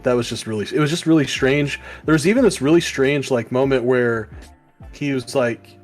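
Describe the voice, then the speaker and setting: A man's voice: mid-range voice, moderate pace, faint music behind. A man co-hosting a casual comic book review show, rambling with lots of fillers. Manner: rambling, many fillers, acts out quoted lines. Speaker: podcast co-host.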